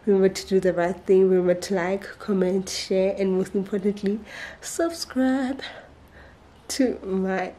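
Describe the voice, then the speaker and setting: A woman's voice: medium pitch, flat delivery, normal speed, hardly any pauses, dark tone. A young woman vlogger talking casually and earnestly about faith, chatty and a little giggly. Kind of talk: casual devotional vlog talk.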